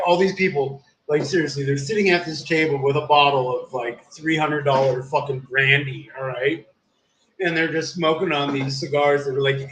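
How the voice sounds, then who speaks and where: A man's voice: a little high, a bit bright, slight background noise. A young man telling a long story in casual, rambling talk, swearing a lot and saying "dude" constantly. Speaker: live streamer. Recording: echoey room.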